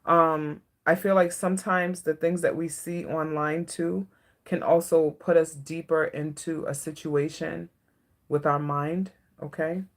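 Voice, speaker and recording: Low gravelly woman reading tarot live. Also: level tone, a little slow. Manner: soft-spoken, emotional, reassuring, checks in with "okay?". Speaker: tarot reader.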